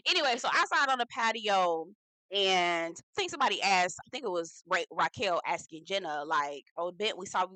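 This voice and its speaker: A woman's voice: medium pitch, very animated, normal speed, pushed and bright, dry recording, low-quality recording. A young woman, hosting a casual, chatty reality TV recap and slipping into the cast's voices. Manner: chatty, sassy, slangy storyteller acting out quotes.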